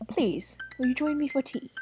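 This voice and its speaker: A woman voicing a gentle, old-fashioned goth man in a game, speaking softly and properly in a lowered voice. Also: lively intonation, moderate pace, soft background music. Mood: earnest. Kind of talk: reading game dialogue aloud.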